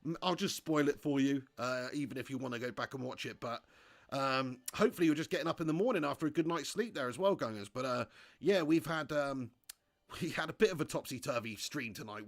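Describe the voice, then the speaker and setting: A young man streaming a football game, excitable and loud, laughing and swearing as he cheers and reads out chat. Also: mid-range voice, quick pace. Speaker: gaming streamer. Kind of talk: live-stream commentary and chat reading.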